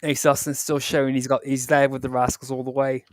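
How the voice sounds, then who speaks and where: A man's voice: mid-range voice, flat delivery, fairly quick, no echo. A man co-hosting a wrestling review podcast, agreeing readily and stumbling over his words. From United Kingdom. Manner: stammering, agreeable back-and-forth. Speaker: podcast co-host. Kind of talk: casual wrestling review chat.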